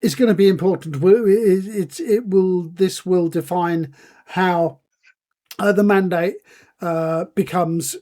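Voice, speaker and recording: A man co-hosting a podcast in casual chat, laying out facts in a measured, informative way with filler words. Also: sits high, warm tone. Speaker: podcast co-host.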